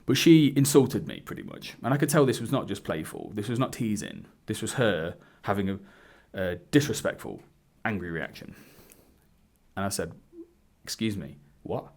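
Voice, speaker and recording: A man's voice: fairly low pitch, big pitch swings, moderate pace, gravelly, darkish tone. A man telling a personal story straight to camera, candidly, with some swearing and acted-out quotes. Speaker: dating coach. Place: indoors, wearing a hood. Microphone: camera mic.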